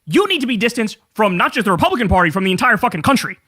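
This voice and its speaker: High-pitched, fast, profane ranting man. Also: big pitch swings, bright, forceful tone, no room sound, studio quality. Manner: profane, combative, sarcastic. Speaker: political commentator. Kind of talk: ranting political commentary.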